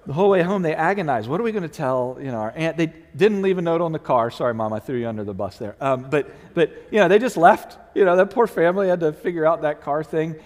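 A man's voice: fairly high pitch, fast, few pauses, long reverb tail. A man preaching a sermon, telling a family story and acting out the people in it before moving to scripture. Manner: animated storyteller, acts out quoted voices. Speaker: pastor.

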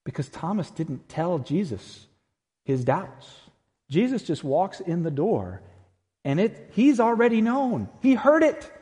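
A man preaching an Easter sermon as pastor, emphatic, swinging between loud emphasis and hushed, intimate passages. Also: high voice, sing-song, a little slow. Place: church sanctuary. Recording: long church reverb.

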